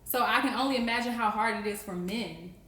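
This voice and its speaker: A woman's voice: on the high side, a little fast, sharp tone. A woman co-hosting a casual podcast conversation, talking frankly and emphatically, often restarting her sentences. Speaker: co-parenting podcast co-host. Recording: roomy echo.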